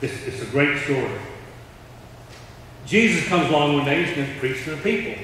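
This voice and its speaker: Preacher in an echoey hall. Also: male voice, a little high, expressive, normal speed, fairly bright tone, a little hiss or hum. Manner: storytelling, acting out quoted voices. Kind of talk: sermon. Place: large church hall. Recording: distant mic in echoey hall.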